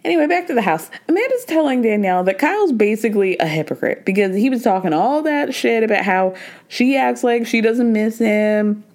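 A woman's voice: fairly high pitch, lively intonation, fairly quick, a little mellow. A woman hosting a podcast, recapping a reality show in casual, gossipy chat and slipping into quoted voices. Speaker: podcast host.

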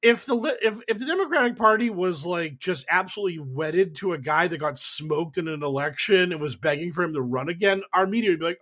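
A man talking politics on a panel, animated and mocking, often putting on sarcastic voices and swearing. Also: high voice, a little fast. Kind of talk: casual political discussion.

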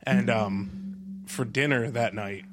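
Young dude cohosting, mid voice, laughs a lot, quick questions. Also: male voice, medium pitch, slight background noise. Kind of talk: casual chat.

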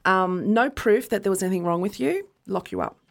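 Her medium-pitched voice has lively intonation and vocal fry, and her pace is fairly quick. She's a podcast co-host rocking a baby as she chattily walks through a history story step by step. She keeps saying "okay" to check in.

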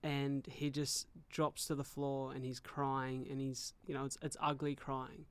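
A man, hosting a podcast and telling stories in an animated, emotionally open way. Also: mid-range voice, unhurried, clear, resonant tone. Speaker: podcast host. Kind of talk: conversational interview.

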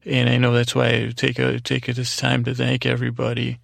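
Gravelly, rambling male podcast host. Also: medium pitch, completely flat delivery, moderate pace, no room sound, clean studio sound. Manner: rambling, self-correcting, jokey asides. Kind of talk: casual thank-yous to listeners. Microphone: close studio mic, alone.

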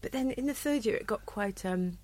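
A woman's voice: medium pitch, lively intonation, a little fast, a little mellow, dry recording. A Welsh woman in her thirties chatting as a podcast guest, laughing often and trailing off mid-sentence. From Wales. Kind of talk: casual chat.

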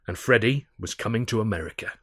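A man, the author, giving a measured first-person audiobook narration. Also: on the low side, animated, very noisy.

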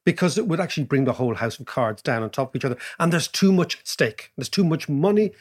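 A man, co-hosting a podcast, telling stories and explaining economics in an animated way, laughing as he goes. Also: fairly high pitch, fast talker. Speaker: podcast co-host. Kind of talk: casual storytelling and economics chat.

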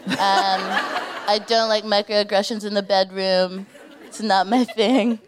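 A woman co-hosting a live comedy podcast on stage, telling stories in an animated, giggly way. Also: mid-range voice, slow, a faint crowd. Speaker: co-host. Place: live stage before an audience.

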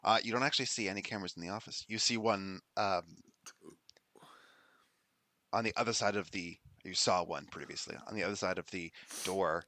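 A man's voice: sits low, steady tone, quick pace, hardly any pauses, pushed and bright, dry recording. A man running a tabletop game as game master, wry and self-deprecating, a bit sniffly from allergies.

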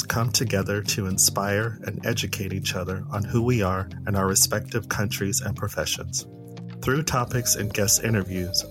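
A man hosting a podcast, reading a scripted welcome and then asking his guest questions in a relaxed way with easy laughter. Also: lowish voice. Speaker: podcast host. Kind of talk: podcast interview.

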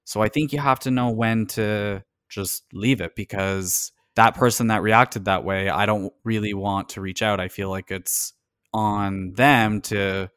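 A man's voice: fairly low pitch, steady tone, a little slow, fairly bright tone, clean tone, dry recording, studio quality. A man from Canada in casual conversation as a podcast co-host, talking earnestly and reflectively about personal experience.

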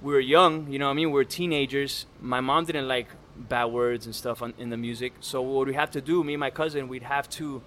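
A man guest on a podcast, relaxed and rambling as he tells stories in casual conversation, with a faint hiss behind. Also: medium pitch, a little fast, few pauses. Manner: relaxed storytelling with fillers.

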